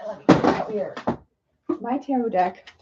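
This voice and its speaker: A woman's voice: mid-range voice, normal speed, lo-fi sound, very noisy. A woman hosting a casual livestream, chatting in a rambling, apologetic way while she works through oracle cards. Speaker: livestream host doing oracle card readings.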